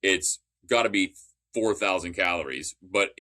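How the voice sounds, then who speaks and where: A man's voice: low voice, unhurried, pushed and bright. A man in casual podcast chat, telling long rambling stories with restarts and the odd curse.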